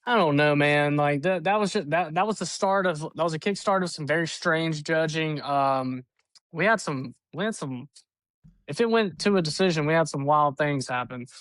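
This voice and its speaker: A man's voice: on the high side, normal speed, fairly bright tone, dry recording. A man co-hosting a fight podcast in casual chat, laid-back and hesitant, drawling through his thoughts. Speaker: podcast co-host.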